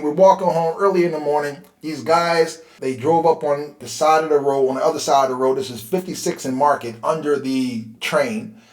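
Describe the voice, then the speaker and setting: A Philadelphia host in his forties, with a slightly high voice, tells his personal life story casually and conversationally. He gets animated reliving tense moments, and the recording has a roomy echo.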